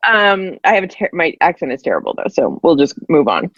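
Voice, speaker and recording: A woman in her forties hosting a podcast in casual, self-deprecating chat, with a raspy morning voice. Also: deep voice, big pitch swings, fairly quick, fairly bright tone, no room sound, dull audio. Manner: self-deprecating, laughs often. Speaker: podcast host.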